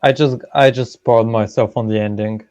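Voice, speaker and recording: A man's voice: medium pitch, steady tone, normal speed, darkish tone, dry recording, lo-fi sound. A young man co-hosting a podcast in a casual chat, laid-back with short replies. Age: young adult. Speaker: podcast co-host.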